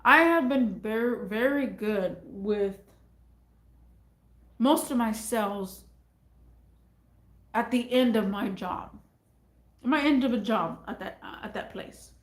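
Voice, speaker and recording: A woman's voice: fairly high pitch, slow pace, long pauses. A woman vlogger talking casually to her viewers in a rambling way, often repeating her phrases. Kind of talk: casual talk to camera. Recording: echoey room.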